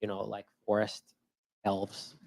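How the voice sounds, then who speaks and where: A man from Finland on a conference panel, telling his background in a relaxed way with fillers. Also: lowish voice, slow, vocal fry. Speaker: panelist, founder. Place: conference stage.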